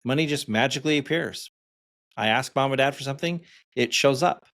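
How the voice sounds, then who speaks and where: A man's voice: medium pitch, a little fast, fairly bright tone. A man in his forties co-hosting a podcast, chatting casually and telling stories with fillers and frequent laughs. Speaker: podcast co-host.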